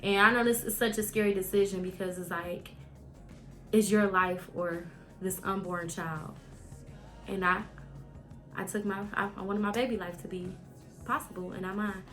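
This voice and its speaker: A young woman vlogging a candid, animated personal story, full of casual fillers. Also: medium pitch, normal speed, pauses often, faint music behind.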